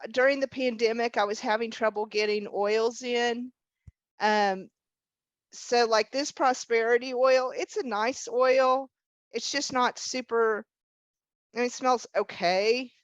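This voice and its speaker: A woman who runs a witchcraft shop talks in a relaxed, chatty way, her voice a little high. The sound is dull and lo-fi, and very dry. It's a casual conversation. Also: measured pace, dry recording. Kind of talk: casual chat.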